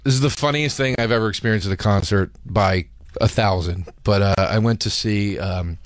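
A man hosting a podcast, telling stories in casual chat with lots of swearing and animated quoting. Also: fairly low pitch, normal speed, dry recording, studio quality. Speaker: podcast host.

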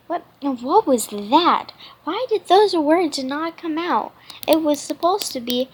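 A woman reading a children's storybook aloud, halting often and restarting her words. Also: high voice. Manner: halting, with frequent restarts and stumbles. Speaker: children's book reader.

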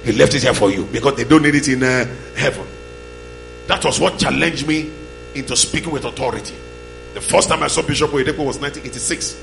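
A man preaching a sermon as pastor, calling the congregation to shout back, in a church hall with music and hum behind. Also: mid-range voice, fast talker, gravelly. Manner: call-and-response, shouting bursts.

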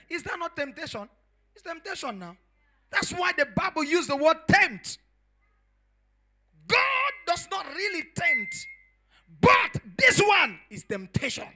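Male pastor, high and sharp-toned, emphatic preacher who shouts the key lines and repeats for effect. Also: sing-song, measured pace, pauses often. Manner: repetitive, drives points home with rhetorical questions. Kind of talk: sermon.

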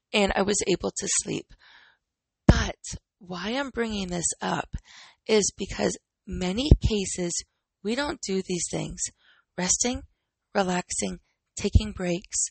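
Woman, gravelly, husky, dry close mic, solo podcast host, recovering from illness. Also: medium pitch, no room sound, rough recording. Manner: candid, conversational, rhetorical questions to listeners. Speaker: podcast host and personal trainer.

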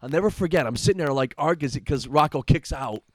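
A man hosting a podcast, telling stories in a casual, profane, animated way and laughing often. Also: fairly high pitch, fast talker, no echo. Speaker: podcast host. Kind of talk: casual chat, storytelling.

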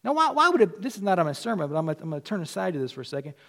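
A man with a Southern US accent preaching a sermon as pastor, swinging from loud declarations to hushed asides. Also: high-pitched, very animated, very fast, gravelly.

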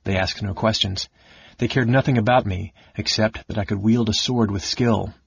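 A man's voice: fairly low pitch, fairly even intonation, normal speed, vocal fry, slightly rough, no room sound, heavily acted. A man reading the part of a grieving young nobleman and knight who turned bandit, speaking bitterly and grimly. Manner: bitter and grim. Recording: dull lo-fi recording.

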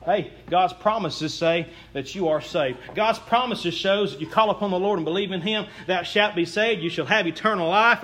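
A man's voice: high-pitched, expressive, moderate pace, a bit bright. A young man preaching a sermon as a pastor, folksy, earnest and self-deprecating.

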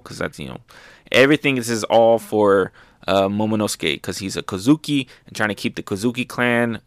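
Excited young man recapping comics. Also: on the low side, clear, resonant tone, no room sound, clean studio sound. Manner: excited, loose, lots of fillers. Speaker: manga reviewer. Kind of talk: casual recap.

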